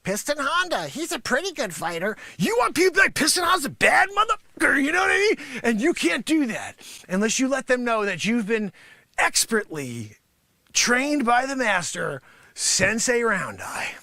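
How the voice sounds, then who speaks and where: A man voicing a greedy, bullying karate sensei; squeaky, sharp, shouty comic rant. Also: big pitch swings, moderate pace, gravelly, dry recording, studio quality, heavily acted. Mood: boastful hustling. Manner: shouty, boastful, mocking his students. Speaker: comedy show host. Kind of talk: improvised comedy character rant.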